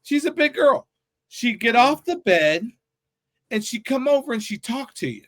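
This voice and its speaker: A man hosts a casual podcast chat and tells stories with animated, swearing energy. His voice runs high for a man. It is recorded close and dry. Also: moderate pace, no room sound. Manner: animated storyteller, swears freely. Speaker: podcast host.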